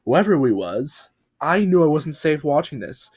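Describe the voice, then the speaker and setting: Deadpan man narrating a parody horror story. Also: a little high, husky. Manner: mock-serious, deadpan, dramatic pauses.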